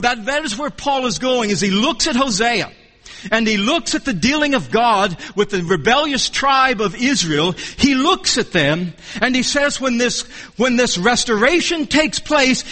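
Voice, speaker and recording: A man preaching an expository sermon, earnest and measured, often repeating and restarting phrases for emphasis. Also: extremely high pitch, sharp tone, long reverb tail.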